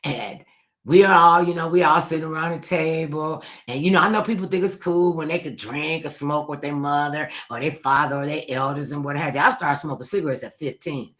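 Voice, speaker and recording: A middle-aged woman with a low voice tells family stories at a brisk clip in a casual monologue. She's animated, acting out quotes and swinging between loud and hushed.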